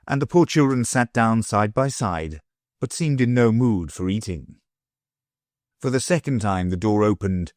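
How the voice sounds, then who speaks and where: A man's voice: lowish voice, no room sound, studio quality. Man reading a storybook. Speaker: audiobook narrator. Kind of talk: scripted narration.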